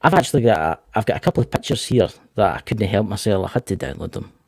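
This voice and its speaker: A man's voice: fairly low pitch, expressive, fast, creaky. A Scottish man hosting a casual livestream interview, chatty and repeating words as he restarts his sentences. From Scotland. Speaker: host.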